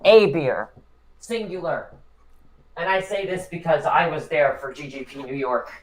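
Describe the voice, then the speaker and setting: An excitable commentator calling a card game match with emphatic hype. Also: mid-range voice, normal speed. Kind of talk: lively play-by-play commentary.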